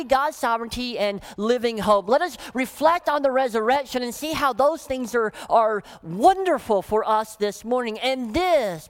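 A woman pastor preaching a sermon, emphatic, often dropping into soft, low phrases for weight.

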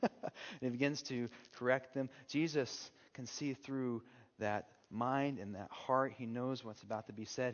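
Man, pastor, sermon, hushed then urgent, long church-hall reverb, muffled sound. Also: medium pitch. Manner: swings from hushed to loud urgent calls.

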